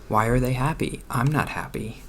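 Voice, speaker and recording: A man hosting a let's play, musing aloud in a rambling, self-deprecating way with soft laughs. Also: medium pitch, unhurried, a little hiss or hum. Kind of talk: casual commentary while gaming.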